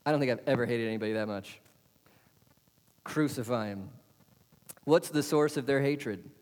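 A man's voice: medium pitch, moderate pace, darkish tone. A man preaching a sermon as pastor, putting questions to the congregation and answering them with emphasis. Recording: long hall reverb.

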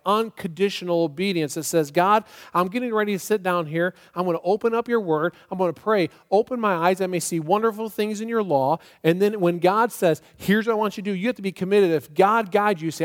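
A middle-aged male pastor preaching a sermon in a church, emphatic and swinging from loud to soft and prayerful. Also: high-pitched. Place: church sanctuary.

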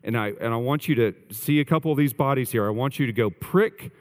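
A man voicing a calm male psychiatrist who coaxes a patient along. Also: medium pitch, quick pace, big-room sound, lightly acted.

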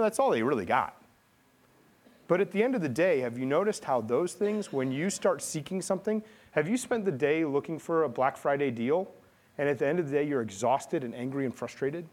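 A pastor giving an animated sermon, telling stories and asking the congregation questions. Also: male voice. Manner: animated storytelling preacher, rising in pitch and volume.

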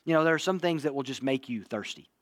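A man's voice: mid-range voice, animated, fast talker, dry recording. A man preaching a sermon in an earnest way, often repeating himself and asking his listeners "right?". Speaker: pastor. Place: church.

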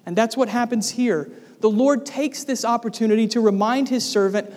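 Guy preaching a sermon, pretty high voice, big reverby church sound, emphatic, lots of rhetorical questions. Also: normal speed, hardly any pauses, darkish tone. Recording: long reverb of a large hall.

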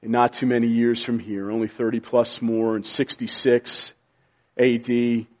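A man preaching a sermon to a congregation, impassioned and pleading, sometimes dropping to a hushed voice. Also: mid-range voice, level tone, unhurried, highs cut off. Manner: impassioned, pleading preaching with sudden quiet drops. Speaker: pastor.

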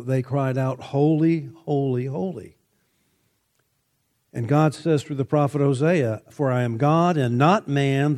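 Male preacher, sermon, slow delivery, mellow tone, emphatic scripture reading. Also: mid-range voice. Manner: measured, emphatic, rising on scripture quotes.

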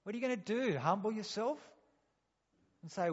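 Preacher in a reverberant hall. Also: male voice, high voice, expressive, moderate pace, long pauses, slightly rough. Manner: rhetorical questions, acted-out quotes. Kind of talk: sermon. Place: church hall. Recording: dull sound, long hall reverb.

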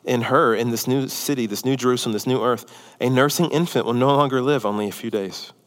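Animated preacher man in a reverberant hall. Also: medium pitch, fairly quick. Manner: animated, swings from loud excitement to hushed near-whispers. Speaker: pastor. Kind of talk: sermon.

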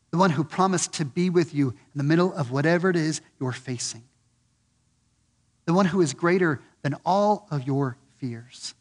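Earnest high-pitched male preacher. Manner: earnest, repeats questions for emphasis; rises high and loud on key points, drops low and soft on others. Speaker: pastor. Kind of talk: sermon.

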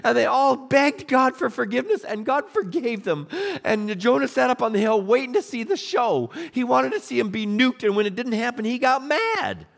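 A middle-aged man preaching a sermon, retelling scripture stories with animated storytelling and acted-out voices. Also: very high-pitched, normal speed, creaky. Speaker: pastor.

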